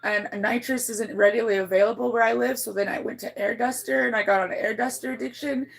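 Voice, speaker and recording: Woman livestreamer, gravelly, blunt and rambling, casual storytelling. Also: steady tone, quick pace. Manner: rambling, blunt, swears freely, many restarts; emotional, voice climbs high when moved. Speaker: livestreamer reading her chat.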